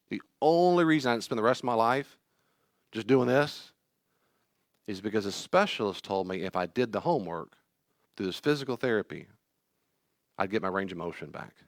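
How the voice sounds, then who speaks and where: A man's voice: fairly low pitch, very animated, moderate pace, dry recording, studio quality. A middle-aged man, a therapist teaching a class, telling personal stories in an earnest, pleading way. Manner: earnest, pleading, acts out quoted voices.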